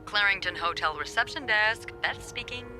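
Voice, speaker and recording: An actress voicing a friendly, teasing hotel receptionist in a mystery video game, over game music. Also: female voice, mid-range voice, lively intonation, normal speed, lightly acted. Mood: playful.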